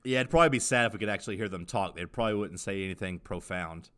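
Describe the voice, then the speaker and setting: A man's voice: deep voice, racing, a bit bright. A man co-hosting a podcast, rambling and joking in casual chat. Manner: rambling, joking, lots of fillers. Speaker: podcast co-host.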